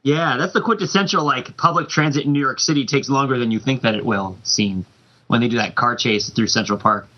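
A man's voice: mid-range voice, a little fast. A man on a podcast panel, chatting casually and playfully and laughing often. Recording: dull lo-fi audio.

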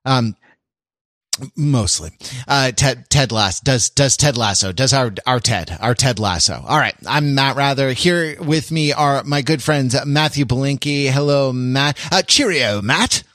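A man's voice: medium pitch, unhurried, fairly bright tone, no room sound, clean studio sound. Rambling, joking male podcast host. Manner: rambling and jokey, many fillers and restarts. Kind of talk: casual chat.

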